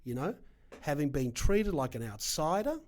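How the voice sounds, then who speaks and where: A middle-aged Australian man with an Australian accent, a guest telling his story in an animated, emphatic way with punchy asides. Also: on the high side, normal speed. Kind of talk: casual storytelling interview.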